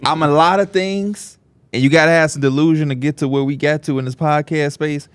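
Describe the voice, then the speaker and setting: A man co-hosting a podcast, telling stories in an animated way and acting out the voices of people in them. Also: on the high side, brisk, smooth, no echo. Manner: animated, laughing, acts out voices in his stories. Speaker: podcast co-host. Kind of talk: casual storytelling among friends.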